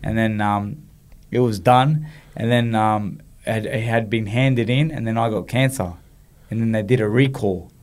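A man recounts a personal story as an interview guest. His voice sits a little low, and he brings his story to life by acting out what people said. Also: normal speed, few pauses. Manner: animated storyteller, acts out quoted dialogue. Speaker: guest, former boxer.

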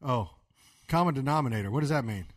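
A man hosts a casual podcast chat and loves to tease. His voice sits at an ordinary middle pitch. The sound is dry and close. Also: expressive, fast talker, no room sound. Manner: teasing, playful. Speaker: podcast host.

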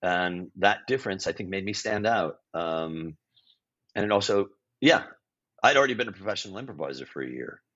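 A man's voice: low voice, expressive, brisk, a bit bright. A man in his sixties, a guest improviser and teacher, telling stories in an interview with frequent restarts, self-corrections and blunt asides. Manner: blunt, occasional swearing. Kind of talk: storytelling interview talk. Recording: dull lo-fi audio.

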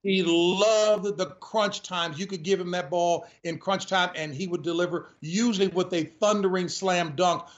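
A man with a somewhat higher voice tells stories with lively energy as a guest on a sports radio interview. He keeps turning to the host as he talks. The sound is a little dull and lo-fi. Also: normal speed, few pauses. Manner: lively storyteller who keeps addressing the host.

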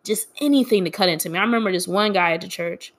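A young woman talking candidly about her grief and about hurtful people at her church, in a frank, quietly aggrieved way. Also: lowish voice, fast. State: grieving. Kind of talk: casual personal storytelling.

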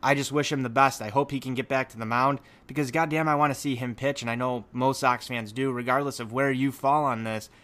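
A man's voice: medium pitch, steady tone, brisk, hardly any pauses, fairly bright tone. A man co-hosting a casual sports podcast, talking in long rambling runs with many fillers and restarts. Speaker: podcast co-host.

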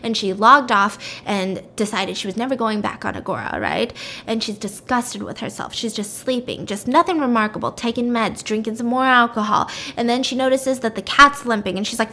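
A woman hosting a podcast, casually retelling a story in a chatty, animated way, full of "like" fillers and acted-out quotes. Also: fairly high pitch, normal speed. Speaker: podcast host.

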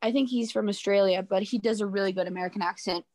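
A woman's voice: mid-range voice, fairly even intonation, fast talker, a little mellow, no echo. A young woman from Norway chatting casually, rambling with lots of fillers and restarts. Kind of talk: casual chat.

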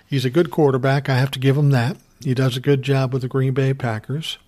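A man's voice: medium pitch, flat delivery, brisk, darkish tone. A middle-aged man from Minnesota, ranting casually about sports rivals, blunt and profane with frequent chuckles.

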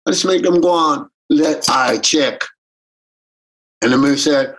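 A husky, slightly breathy man with a lilt, leading a reggae band and talking through his stories. He tells them animatedly, slipping into the voices of the people he quotes. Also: on the high side, a little slow, a bit bright, low-quality recording. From Jamaican American. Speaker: reggae bandleader. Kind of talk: casual interview storytelling.

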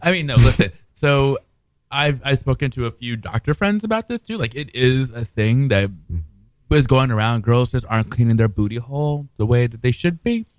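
A man's voice: mid-range voice, animated, normal speed, no room sound. A man co-hosting a casual chat show, talking in a playful, frank way. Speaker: podcast co-host.

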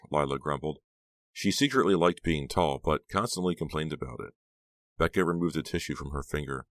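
A man narrating an audiobook in a measured storytelling manner. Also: rumbling low, fairly even intonation, a bit bright, no room sound. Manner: measured storytelling, voicing all characters. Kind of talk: scripted narration.

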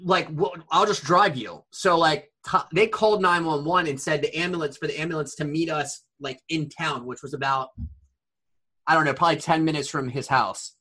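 Brisk and on the higher side, his voice carries a loose, meandering anecdote. He's in his forties, chatting informally and leaning heavily on fillers as he animatedly recounts events.

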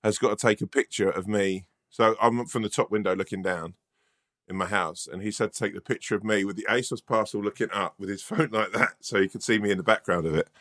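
Low-voiced man, jokey chat. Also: a little fast, fairly bright tone, no echo, studio quality. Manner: jokey, sweary, laughs often. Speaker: podcast co-host. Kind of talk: casual chat. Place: at home, remote call.

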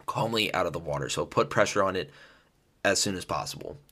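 A young man hosting a podcast, explaining things in a relaxed, chatty way with fillers and restarts. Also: low voice, a little fast. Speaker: podcast host. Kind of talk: casual educational podcast talk.

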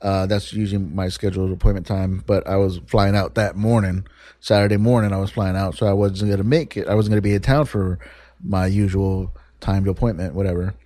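A man's voice: deep voice, level tone, fairly quick, mellow, no echo. A man hosting a solo podcast, talking in a rambling, candid way and swearing freely. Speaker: podcast host. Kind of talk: casual solo podcast monologue.

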